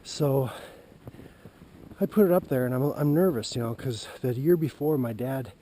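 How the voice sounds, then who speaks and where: A man telling a hunting story as he walks a forest trail at dusk, recorded on a handheld camera, halting and folksy with lots of fillers. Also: mid-range voice, dark tone, low-quality recording. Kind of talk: rambling walk-and-talk vlog. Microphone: handheld camera while walking.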